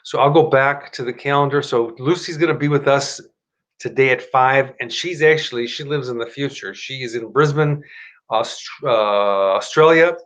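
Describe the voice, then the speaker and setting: A man hosting a live stream at his computer. He talks in a rambling, chatty way, corrects himself often, and shifts into a motivational pitch. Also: normal speed, a bit bright. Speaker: host of a live stream show. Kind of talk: casual live-stream talk and self-help pitch.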